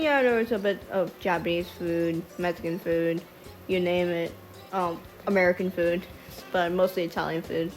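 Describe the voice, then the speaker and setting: A woman's voice: mid-range voice, a little mellow. Rambling, foul-mouthed storytime woman. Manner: rambling, swears freely, sidetracks; stutters at times. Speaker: storytime vlogger. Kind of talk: casual storytime voice-over. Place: voice-over over a speedpaint video. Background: faint background music.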